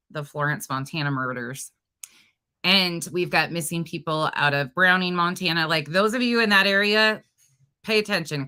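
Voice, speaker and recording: A woman hosting a true crime livestream, chatting casually and reading viewer comments aloud in an energetic, expressive way. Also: lowish voice.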